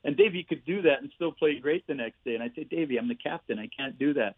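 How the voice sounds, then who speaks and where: A man in his sixties spins lively hockey anecdotes, tagging lines with "eh" and laughing as he goes. His voice comes through a thin, phone-like line with a dry, close sound. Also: on the high side, fast, few pauses, breathy edge, no room sound. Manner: animated anecdotes with laughs and "eh" tags. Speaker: guest, former player and coach. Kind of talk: storytelling interview.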